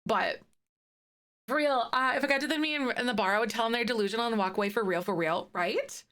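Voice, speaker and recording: A woman's voice: fairly high pitch, quick pace, fairly bright tone. A young woman streaming a game live, chatting casually with her viewers and reacting to their messages. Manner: chatty, reacting to chat with laughs and fillers. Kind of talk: casual live-stream chat while playing.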